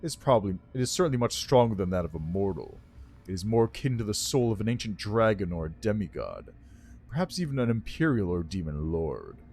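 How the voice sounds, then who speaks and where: A man voicing an ancient male lich, a dry, rasping and condescending teacher who lectures. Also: fairly low pitch, very animated, a little fast, a little mellow, a little hiss or hum, voice pushed down. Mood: cold, bitter.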